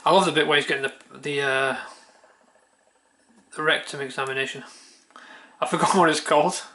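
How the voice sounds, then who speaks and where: A man's voice: on the high side, fairly even intonation, fairly quick, noisy background. A man vlogging at home, chatting offhand with a handheld camera, muttering and swearing casually. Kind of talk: casual chat.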